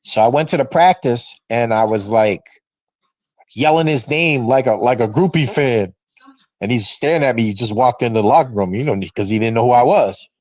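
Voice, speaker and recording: Brief: fifties man from Massachusetts, lively fan-show storyteller, mid-pitched, dry sound. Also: normal speed, no room sound, low-quality recording. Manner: animated storyteller who acts out quoted voices. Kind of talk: casual storytelling chat. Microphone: video call.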